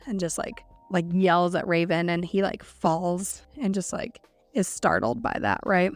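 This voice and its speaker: A woman's voice: lowish voice, measured pace, no room sound, soft background music. A woman co-hosting a podcast, casually recapping a novel's scenes, full of "like" and quoting characters as she goes. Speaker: podcast co-host. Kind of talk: casual book discussion.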